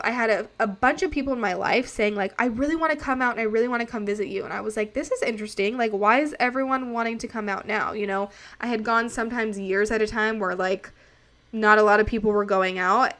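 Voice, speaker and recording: A woman's voice: a little high, bright, forceful tone. A woman in her late twenties hosting a podcast, telling a personal story in a candid, chatty way and often talking straight to her listeners. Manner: candid and chatty, addresses listeners as "you guys". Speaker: podcast host.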